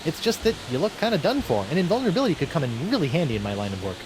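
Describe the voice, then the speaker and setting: An actor voicing a hapless, wisecracking pirate hero in a game, quick and breezy. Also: male voice, fairly high pitch, big pitch swings, very noisy. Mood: playful.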